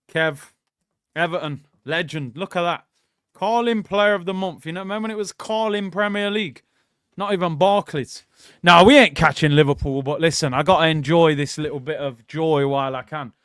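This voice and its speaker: High, excitable man reacting live. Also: smooth, dry recording, studio quality. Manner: excitable, bursts into loud shouts; chatty, addresses viewers as "people". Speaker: football watchalong host. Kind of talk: live watchalong reaction commentary.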